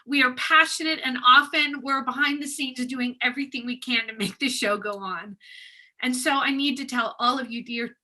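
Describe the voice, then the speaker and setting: A bright, vivid woman's voice, a little higher than most, in a heartfelt acceptance speech. She is choked up, pausing now and then with soft laughs as she thanks teachers and students. The tone stays warm and sincere throughout. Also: low-quality recording. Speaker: educator receiving an award.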